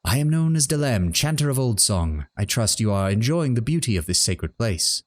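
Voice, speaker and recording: A man's voice: medium pitch, very animated, moderate pace, lightly acted. A man voicing a vain, silly small male Orlan singer while reading game dialogue aloud, in a sing-song, lecturing manner.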